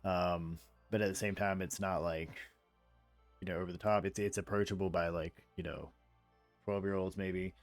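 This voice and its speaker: A deep-voiced man runs the table as game master, talking loosely over a headset mic. He rambles and lets his sentences sink to a mutter, with faint music behind him. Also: steady tone, normal speed, no echo. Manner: rambling, low-key, trailing off quietly. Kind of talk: casual chat over voice call. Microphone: headset mic on a voice-chat call.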